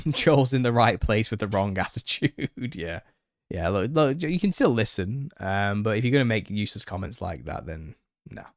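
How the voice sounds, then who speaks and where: A man hosting a live Q&A stream, reading viewer comments and answering them with exasperation and laughter, his voice a little raspy. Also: lowish voice, expressive, normal speed, dry recording, clean studio sound. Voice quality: slightly raspy. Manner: reads out chat comments and retorts, exasperated, laughing. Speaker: channel host answering viewer questions.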